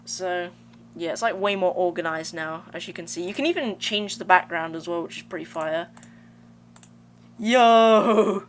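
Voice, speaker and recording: A woman's voice: fairly low pitch, brisk, fairly bright tone, slight background noise. A young woman streaming a game, chatting casually with viewers in a slangy, rambling way. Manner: slangy, rambling, talks to chat. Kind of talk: casual live-stream chat while gaming. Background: game music.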